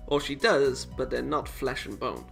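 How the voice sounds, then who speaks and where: A man's voice: medium pitch, measured pace, creaky, fairly bright tone, soft background music. A man casually reading a visual novel aloud, cutting in with sarcastic, self-mocking jokes. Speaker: let's play host reading a visual novel. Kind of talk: casual read-aloud with joking asides.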